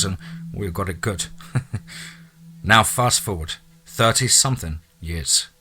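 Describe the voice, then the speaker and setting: A man narrating a listener's true ghost story in a dramatic storytelling manner, dropping into low asides. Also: bright, forceful tone.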